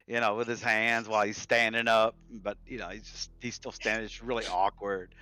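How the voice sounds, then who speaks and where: A man's voice: medium pitch, steady tone, brisk, pushed and bright, no echo. Laid-back male game master. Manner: laid-back, rambling, lots of fillers. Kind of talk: casual tabletop game narration.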